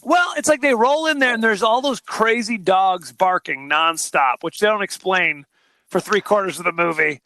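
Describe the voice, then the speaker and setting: High, bright-voiced male podcast host. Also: moderate pace, no room sound. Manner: joking, retells scenes with mock quotes. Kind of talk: casual movie discussion.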